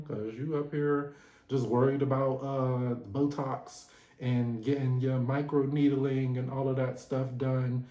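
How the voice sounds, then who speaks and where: A man's voice: mid-range voice, little pitch movement, unhurried, warm tone. A man giving a sassy, playful recap of a reality show in a casual vlog. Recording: echoey room.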